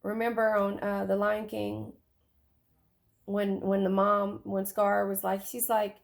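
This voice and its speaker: Gravelly-voiced chatty woman tarot reader. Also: medium pitch, completely flat delivery, takes it slowly. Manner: chatty, swears, repeats phrases. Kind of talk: casual tarot reading.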